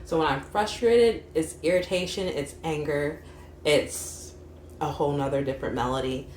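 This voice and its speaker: Young woman tarot reader, low-pitched, casual and rambling, recorded in an echoey room. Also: normal speed, darkish tone. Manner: chatty, frequent "like" fillers, laughs while talking. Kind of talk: casual tarot reading monologue. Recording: echoey room with faint hum.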